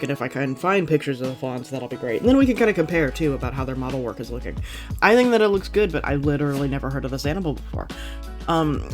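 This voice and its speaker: A gaming YouTuber giving casual reaction commentary, chatty and upbeat, rambling with many fillers and self-corrections. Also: medium pitch. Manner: upbeat and enthusiastic.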